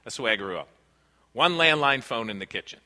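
In a large hall with long reverb, a pastor gives an earnest, conversational sermon drawn from stories of his family life. His medium-pitched voice is expressive and sharp in tone, moving a little fast.

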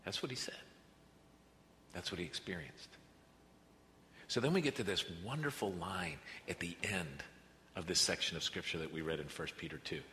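A man preaching a sermon as pastor, earnest, moving between quiet reflective passages and emphatic rises. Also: low-pitched, moderate pace, long pauses. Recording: reverberant hall with faint noise.

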